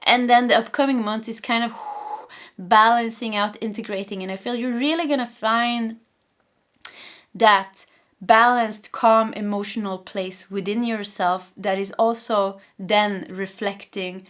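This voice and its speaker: A Swedish-accented woman reads tarot cards for her viewers at a quick, high-energy clip. Her voice sits in an ordinary mid pitch, and she loops back over her own phrases as she goes. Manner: fast, energetic, repeats phrases. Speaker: tarot reader. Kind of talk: pick-a-card tarot reading.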